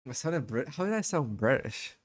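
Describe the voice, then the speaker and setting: A young man chatting on a voice call late at night, halting and stammering, often apologizing. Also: medium pitch, big pitch swings, dry recording, studio quality. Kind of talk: casual chat. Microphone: desk mic with noise suppression on voice call.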